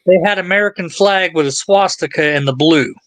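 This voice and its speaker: A man's voice: a little high, a little fast, fairly bright tone. A man in his forties co-hosting a podcast, chatting casually and teasing. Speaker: podcast co-host. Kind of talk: casual chat.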